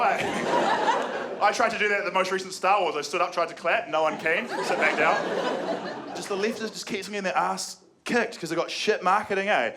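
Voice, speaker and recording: Young New Zealand man, stand-up, high voice, dry and sweary; live room with loud noise and audience. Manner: sardonic, swears freely, laughs at own jokes. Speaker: stand-up comedian. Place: comedy venue before a live audience.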